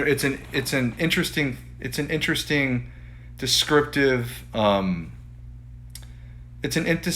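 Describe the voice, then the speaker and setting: A man's voice: mid-range voice, sharp tone. A man, a painter, chatting casually on a livestream from his studio and reading his own writing aloud, often restarting and repeating phrases. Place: art studio, indoors. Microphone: phone streaming live.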